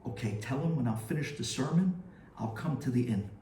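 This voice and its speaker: A man's voice: medium pitch, lively intonation, a little fast, warm tone, recorded from a distance, slight background noise, natural voice. A man voicing a startled male village priest who answers in haste. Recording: roomy echo.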